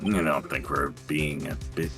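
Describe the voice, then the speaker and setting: A man voicing a cool, brooding male prosecutor in a drawling, measured, slightly mocking way. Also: extremely low pitch, fairly even intonation. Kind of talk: voice-acted game dialogue reading on stream. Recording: music playing behind the voice.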